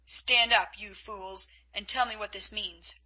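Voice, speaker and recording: A woman's voice: mid-range voice, steady tone, a little slow, pushed and bright, slightly rough, full character voice, poor audio. A woman reading the part of a cold, mocking male Spanish officer in an audiobook, speaking in a coolly commanding way.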